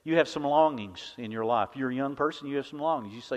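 A man preaching a sermon as pastor, impassioned, swinging from loud declarations to hushed, intimate lines. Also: mid-range voice, quick pace. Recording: dull, reverberant hall sound.

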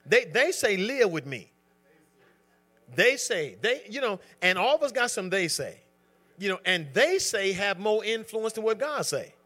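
Man leading a church Bible study; bright, lively teacher, conversational and emphatic. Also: high voice, measured pace, faint music behind. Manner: calls on members by name, conversational and emphatic. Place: church group gathering.

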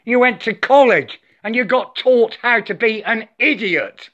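The clip has dull lo-fi sound and features an older man with a very high-pitched, slightly bright voice, talking a little slowly. Angry and preachy, he swears at the camera, goes over the same points again and again, and says "I" instead of "my."

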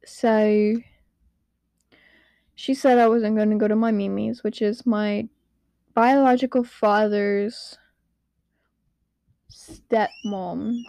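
Slow, gravelly teen girl rambling. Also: medium pitch, little pitch movement, mellow, no echo. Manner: rambling, giggly, self-deprecating. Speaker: podcast host. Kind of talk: casual solo podcast chat. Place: quiet room at home.

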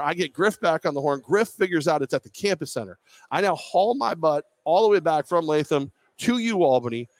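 A man's voice: a little high, no echo. A man co-hosting a live podcast, telling a long self-deprecating story in casual chat. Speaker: podcast co-host. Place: bar or venue, live show.

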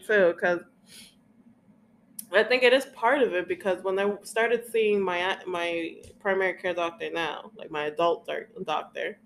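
A woman's voice: fairly low pitch, slight background noise. A young woman co-hosting a casual chat, swearing freely as she rants and acts out other people's lines. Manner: profane, ranting, acts out quoted voices.

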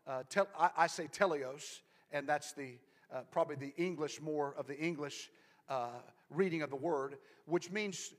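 A man preaching a sermon in church, repeating himself as he builds from soft talk to loud, fervent preaching and back down. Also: a little high, moderate pace. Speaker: pastor. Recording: long hall reverb.

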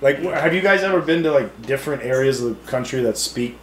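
A man's voice: medium pitch, expressive, fast talker. Man, podcast host, casual chat, profane, rambling, echoey room. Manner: rambling, profane, laughing often. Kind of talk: casual chat among friends. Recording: echoey room, faint background noise.

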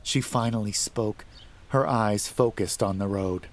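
A man narrating a scripted horror story in a measured, dramatic way that rises to tense emphasis. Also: lowish voice.

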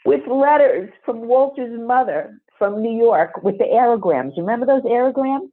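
A woman who is a podcast guest, telling a story in an animated, emphatic way. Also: fairly high pitch, normal speed. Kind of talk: storytelling interview. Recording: phone-like narrow sound.

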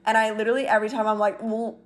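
A woman's voice: medium pitch, expressive, moderate pace. A young adult woman vlogging in a casual, chatty way, blunt and exasperated as she vents. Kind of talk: casual talk to camera.

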